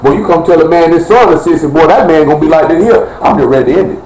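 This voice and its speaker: A man delivers a fiery, live-streamed sermon, heated, blunt and rambling in colloquial style. He speaks very fast in a fairly high, darkish voice, recorded in an echoey room with faint noise.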